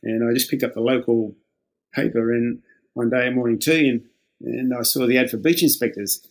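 Here an older Aussie man who used to be a lifeguard shares stories at a normal speed, his medium-pitched voice holding a steady tone. The storytelling is relaxed, full of chuckles and performed snippets of conversation.

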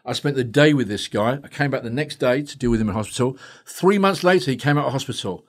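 A man's voice: medium pitch, expressive, fast. A man telling a story as a guest therapist in a podcast interview, blunt and straight-talking with plenty of swearing.

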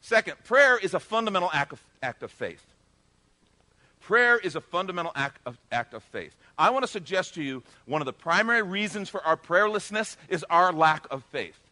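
A middle-aged male pastor giving a conversational sermon, joking in asides and swelling loud for emphasis. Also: high voice, expressive, normal speed, no echo.

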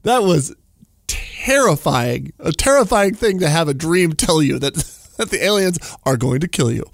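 A man's voice: fairly high pitch, very animated, moderate pace, vocal fry, dry recording. A man, telling a story casually in a studio, with lots of fillers and laughter. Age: 40s.

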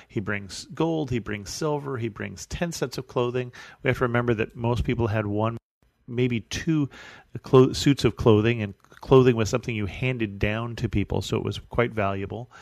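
A man reading a Bible passage aloud, then explaining it in a relaxed, conversational way as a study teacher. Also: medium pitch, normal speed, gravelly, no room sound, clean studio sound. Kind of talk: scripture reading and teaching commentary.

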